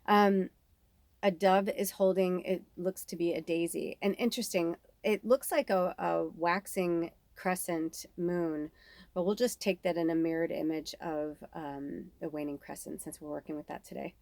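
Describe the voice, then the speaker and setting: A woman's voice: lowish voice, fairly even intonation, moderate pace, a little mellow, no echo. A woman in her thirties giving a casual psychic reading, talking candidly and rambling, swearing freely. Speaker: psychic medium. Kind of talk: casual spiritual reading monologue.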